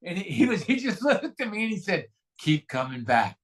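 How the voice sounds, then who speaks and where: A man gives a candid, self-mocking recovery share. His voice sits high for a man and sounds bright and forceful. He tells his story plainly and often restarts his sentences. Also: expressive, quick pace. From California, USA. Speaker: guest speaker at a recovery meeting.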